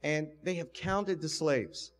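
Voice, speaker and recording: A man's voice: a little high, takes it slowly. An older man from the United States telling stories in a university lecture and acting out the voices he quotes. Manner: storytelling, animated, acts out quoted voices. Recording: lecture hall with long reverb.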